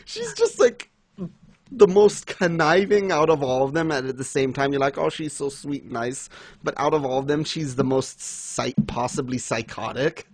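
This podcast co-host has a fairly high, sing-song voice that's a little mellow, and he speaks at normal speed. He chats casually while recapping a manga chapter, full of enthusiasm. He giggles and laughs frequently throughout.

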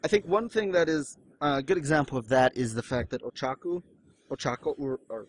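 A man chatting casually about manga as a podcast co-host, animated and breaking into exaggerated high voices when he quotes someone. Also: fairly quick, crowd noise.

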